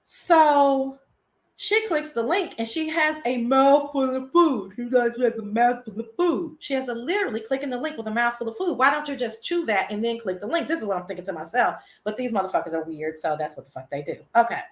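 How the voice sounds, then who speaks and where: A woman hosting her own show, telling gossip in a casual, animated, profane and sassy way. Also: a little high, quick pace, roomy sound. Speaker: show host.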